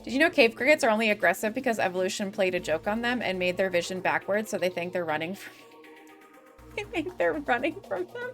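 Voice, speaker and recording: A young woman from the US Midwest chats through a game stream at a middle pitch. She rambles, giggles and swears freely. Faint music plays softly behind her. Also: sing-song, brisk. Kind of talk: casual gaming stream chatter.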